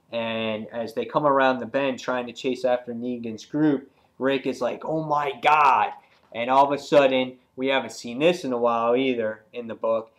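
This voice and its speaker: In a mid-range voice, a man casually reviews a comic book, excitedly retelling scenes and acting out the characters' lines. His talk is loose and rambling, packed with fillers.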